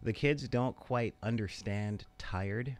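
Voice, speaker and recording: A man's voice: medium pitch, slow. A young man co-hosting a casual podcast chat, rambling loosely and laughing often. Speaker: podcast co-host.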